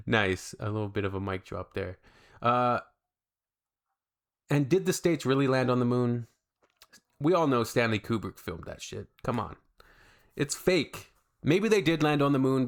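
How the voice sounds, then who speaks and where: A man's voice: mid-range voice, moderate pace. A young man, hosting a reaction video in a casual, joking and sarcastic way. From Canada. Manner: joking, sarcastic, talks to the viewer.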